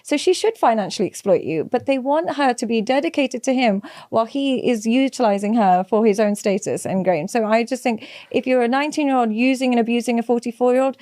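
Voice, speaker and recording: A young woman therapist speaks quickly and emphatically on a podcast. Her voice sits a little high. The sound is dry and close, with no room around it. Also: dark tone, no room sound. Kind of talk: casual podcast discussion.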